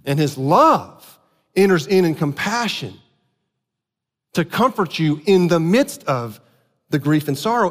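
A man preaching a sermon, telling a family story with animated outbursts and earnest explanation. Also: high-pitched. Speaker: pastor. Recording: long hall reverb.

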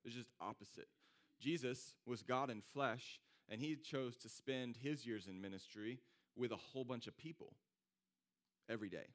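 A man's voice: medium pitch, moderate pace. A man preaching a sermon in a casual, conversational way, telling a personal story and acting out what his friends said. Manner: animated, conversational, acts out quoted friends. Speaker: pastor.

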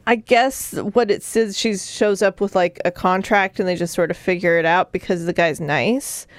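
A woman's voice: fairly low pitch, steady tone, normal speed, no echo, studio quality. A woman co-hosting a casual book chat, blunt and opinionated, with lots of fillers. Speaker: book podcast co-host.

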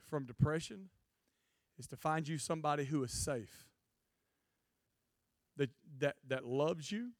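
A man preaching a jokey, animated youth sermon to a live student audience. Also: a little high, unhurried, long pauses, no room sound, studio quality. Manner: jokey, animated, acts out quotes in funny voices. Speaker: guest preacher.

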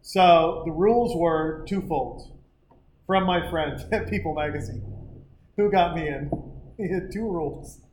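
High-voiced storytelling man, echoey room. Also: unhurried, a little mellow, a little hiss or hum. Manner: rambling storyteller, swears, laughs often. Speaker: podcast host. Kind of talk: casual comedic chat.

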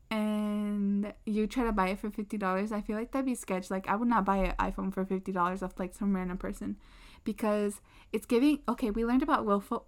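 A young woman talks in a loose, rambling way. She leans on fillers and restarts as she tells a story at her desk. Her voice sits at an average pitch. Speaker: podcast host. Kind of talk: casual chat. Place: indoors at a desk.

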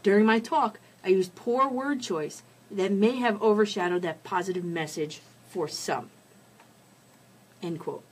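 A woman's voice: mid-range voice, unhurried, slightly rough. A woman hosting a sports talk show, reading sports news and giving heated, opinionated commentary.

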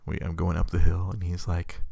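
A man in his thirties co-hosting a casual chat, telling an animated story and acting out the voices of others. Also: deep voice, a little fast, vocal fry, no room sound. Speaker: podcast co-host.

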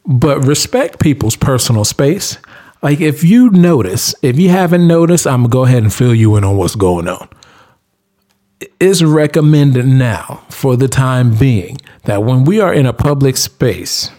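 A man in a casual monologue hands out hygiene and cleaning tips with blunt, preachy insistence. His pitch sits in the middle, and he drives points home by repeating short commands, in loose informal speech. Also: expressive, a little slow, darkish tone. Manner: blunt, preachy, emphatic repetition. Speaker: vlogger giving tips.

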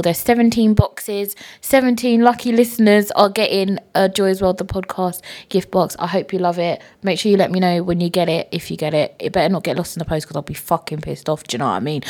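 A woman's voice: fairly low pitch, a little mellow. A young woman hosting her own podcast, chatting casually with playful self-mocking asides and frequent swearing. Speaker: podcast host. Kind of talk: casual solo podcast chat.

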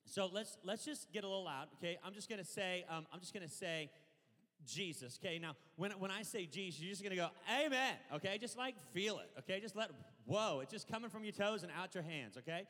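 Male preacher, high pitch, loud call-and-response sermon, long hall reverb. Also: fast, few pauses. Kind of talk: energetic sermon. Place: church auditorium.

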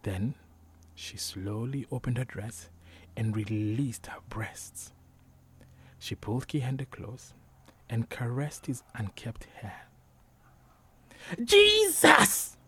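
A man reading a novel aloud as a narrator, measured and unhurried, sometimes dropping to a whisper. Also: mid-range voice, fairly even intonation, dark tone, slight background noise. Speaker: audiobook narrator. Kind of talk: scripted narration.

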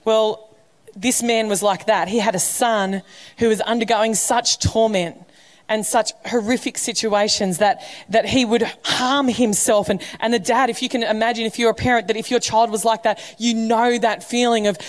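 A woman pastor preaches in a church, her voice sitting a little high for a woman. She talks casually and with humour, dropping into quoted voices to act out stories. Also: fairly even intonation, moderate pace. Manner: conversational, humorous preaching with acted quotes. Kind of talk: sermon.

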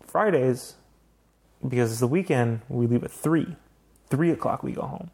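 A man's voice: mid-range voice, normal speed, gravelly, darkish tone, breathy edge. A young man hosts a casual podcast chat. He tells his story in a heated, profane way, swearing freely as he goes. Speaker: podcast host.

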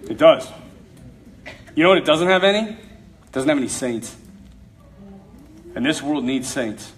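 A man's voice: a little high, expressive, unhurried, slight background noise. A man giving an emphatic, conversational sermon-style talk to a young audience, with humor mixed in. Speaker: speaker addressing a youth audience.

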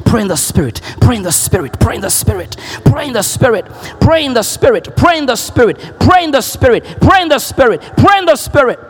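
A man preaching a sermon, emphatic and repetitive, often shouting key lines. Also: very high voice, big pitch swings, fairly quick, few pauses, breathy edge, in a large hall, soft background music.

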